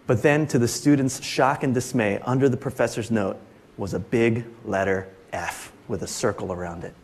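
A man's voice: medium pitch, a little fast, darkish tone. A male pastor preaching a sermon in an emphatic style, often calling out "Amen?" to his congregation. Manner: emphatic, repeatedly asks "Amen?". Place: church service.

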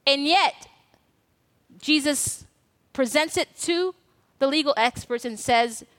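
A woman's voice: high-pitched, slow pace, pauses often, a bit bright, in a large hall. A woman pastor preaching a sermon in a church, telling a personal story in a conversational way and acting out the dialogue. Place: church sanctuary.

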